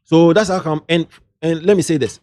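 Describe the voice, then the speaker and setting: A middle-aged man with a Ghanaian accent, an entertainment journalist sharing lively anecdotes in a casual interview, slipping into local slang. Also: a little high, brisk.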